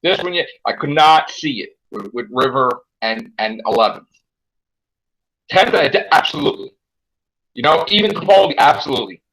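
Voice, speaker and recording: Animated young man in fan chat. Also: medium pitch, normal speed, creaky, rough recording. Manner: animated, exclaiming, acts out his own reactions. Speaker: podcast host.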